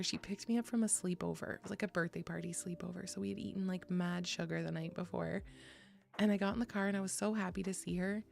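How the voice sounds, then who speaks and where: Gravelly, chatty woman streamer. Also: mid-range voice, darkish tone. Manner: chatty, swears freely, laughs often, reads chat aloud. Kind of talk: casual chat with chat. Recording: faint music behind.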